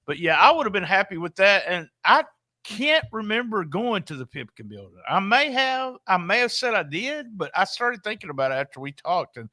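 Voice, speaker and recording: A man's voice: fairly high pitch, bright, forceful tone, no room sound, clean studio sound. A man co-hosting a podcast, chatting enthusiastically and swearing freely. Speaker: podcast co-host. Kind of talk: casual chat.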